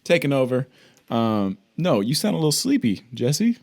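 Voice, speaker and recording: A man's voice: mid-range voice, big pitch swings, moderate pace, a little mellow. A man co-hosting a casual podcast, playful and teasing, chatting in an upbeat way. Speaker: podcast co-host. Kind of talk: casual chat.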